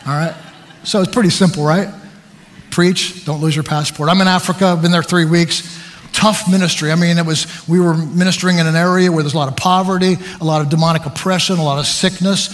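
High-voiced preacher in a reverberant hall. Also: male voice, fast. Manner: storytelling, self-deprecating, animated. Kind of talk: sermon.

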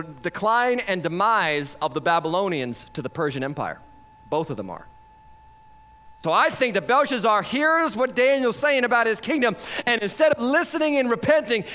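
A man preaching with a high-pitched voice. He is animated, rising to loud points and falling to hushed lines, and slips into mocking quoted voices to make his point. It sounds like a pastor in full flow of a sermon. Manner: acts out quoted voices for effect.

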